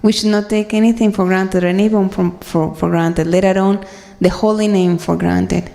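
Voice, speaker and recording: Woman, devotional speaker, earnest and halting, raspy fry, reverberant hall. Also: mid-range voice, steady tone, mellow. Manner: earnest, halting, many fillers and restarts. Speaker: speaker sharing at a devotional gathering. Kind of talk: personal talk to a congregation.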